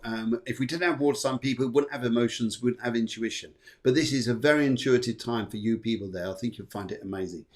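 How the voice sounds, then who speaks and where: A middle-aged man hosts a live astrology show. He talks casually, rambles, jokes and thanks his viewers. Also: medium pitch. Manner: jokey, rambling, warm thanks to viewers, puts on silly voices. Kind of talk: chatty live-stream horoscope reading.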